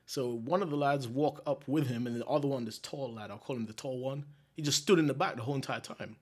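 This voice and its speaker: A young man spins a story as a podcast guest. He is relaxed and slangy and chuckles easily. His voice sits at an ordinary middle pitch. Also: quick pace, slightly rough. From England. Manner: laid-back, slangy, laughs often. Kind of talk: casual storytelling.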